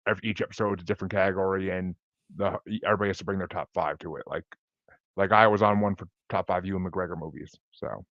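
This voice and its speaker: A man's voice: low-pitched, steady tone, fast, fairly bright tone, dry recording, dull audio. A man talking as a podcast guest in a laid-back, chatty, rambling way over a video call. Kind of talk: casual interview chat.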